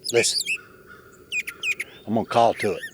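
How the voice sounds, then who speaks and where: A man chatting casually on an outdoor vlog, hushing and coaxing while he walks and sits to listen for birds. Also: fairly low pitch, steady tone, normal speed, noisy background. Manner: hushed, coaxing, folksy. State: a bit out of breath. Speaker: vlogger. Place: outdoors in woods.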